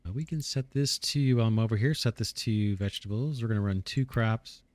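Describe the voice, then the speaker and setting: A let's play host comments casually while building, thinking aloud and correcting himself. His fairly low voice moves briskly with a slightly mellow quality and no echo, though it's a little worn as he's slightly losing it.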